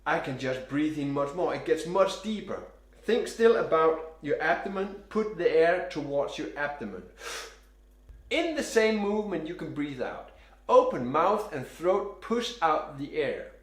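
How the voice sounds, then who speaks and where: Male sax teacher, fairly high voice with a lot of lift and fall, calm step-by-step coaching in a roomy space. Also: measured pace. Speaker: saxophone teacher. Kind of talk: instructional demonstration. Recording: roomy echo.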